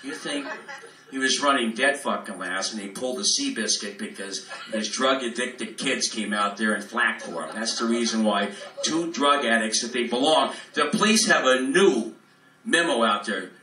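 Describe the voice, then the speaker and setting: A man works a live room in a profane, rambling stand-up rant, jumping between tangents as he ad-libs. His voice is sharp and tense. It sounds distant and roomy, with a faint hum of the room behind him. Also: medium pitch, moderate pace. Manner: profane, rambling free-form ad-lib rant. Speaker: stand-up comedian. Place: club room, live in front of an audience.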